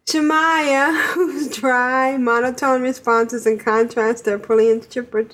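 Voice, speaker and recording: Brief: cheerful female podcast co-host reading listener mail, slightly high voice, unhurried delivery. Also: steady tone. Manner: cheerful, laughs between lines. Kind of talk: reading listener email aloud.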